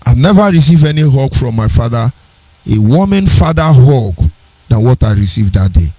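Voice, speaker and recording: A man's voice: mid-range voice, very animated, moderate pace, dark tone, no room sound, low-quality recording. A middle-aged man with a Nigerian accent, giving an earnest personal storytelling talk on a radio program, digressive and with sing-song emphasis.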